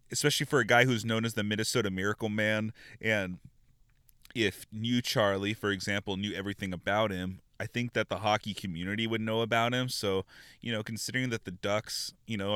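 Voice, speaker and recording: Brief: low-voiced male podcaster, loose and chatty, dry room. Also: a bit bright, clear, resonant tone, no echo. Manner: rambling, filler-heavy, informal. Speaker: podcast host. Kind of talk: casual recap and review.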